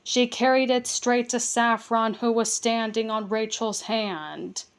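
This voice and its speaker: A woman reads a children's storybook aloud in a fairly high voice. Her pace is slow and deliberate, and she occasionally stumbles and restarts a word before carrying on. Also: steady tone, smooth. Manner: careful reading with small stumbles and restarts. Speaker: storybook reader. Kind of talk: reading a children's book aloud.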